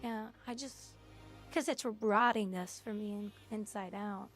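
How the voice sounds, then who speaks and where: A woman's voice: medium pitch, steady tone, unhurried, faint music behind. A young woman streamer chatting casually on a livestream, blunt and opinionated, rambling from one thought to the next.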